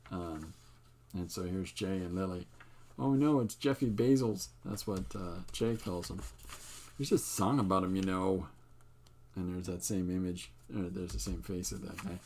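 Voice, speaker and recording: Older man, art channel host, low voice, meandering, self-amused, faint background hiss. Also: little pitch movement, moderate pace. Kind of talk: casual show-and-tell livestream.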